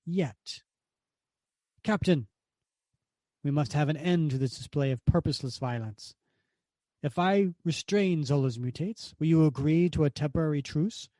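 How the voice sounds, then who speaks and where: A man's voice: on the high side, measured pace, pauses often, mellow, no echo, studio quality, natural voice. A man reading aloud as a proud, vengeful male villain baron, declaiming with menace. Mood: menacing.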